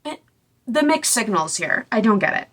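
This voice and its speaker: A woman in her twenties chats through a book recap in a loose, casual way. She drops sarcastic, exasperated asides as she goes. Her voice has a bright, forward edge. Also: fairly high pitch, big pitch swings, normal speed. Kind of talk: casual chat.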